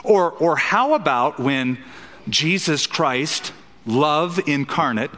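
Pastor preaching in a reverberant hall. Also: male voice, fairly high pitch, expressive, takes it slowly, fairly bright tone. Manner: emphatic, asks rhetorical questions. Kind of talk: expository sermon.

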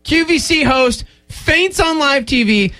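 Bright high-voiced morning radio man. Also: expressive, soft background music. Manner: jokey, quick, laughs often. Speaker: radio morning show host. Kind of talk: casual studio banter. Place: radio studio. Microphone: studio microphone.

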